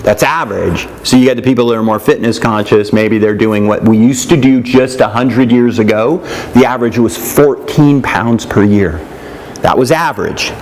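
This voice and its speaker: A man's voice: medium pitch, normal speed, a little mellow, slight background noise. Chatty man giving a nutrition lecture. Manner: conversational, checks in with "yeah?" and "right?", acts out quoted people. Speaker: nutrition instructor. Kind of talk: casual classroom lecture.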